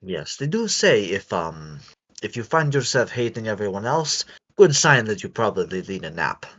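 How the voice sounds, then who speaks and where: A low-voiced man playing a tabletop game, his pitch swinging up and down as he talks. He halts and restarts often, over a slightly dull, lo-fi line. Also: very animated, normal speed, a bit bright. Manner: hesitant, lots of ums and restarts. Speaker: player. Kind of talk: casual tabletop game chat.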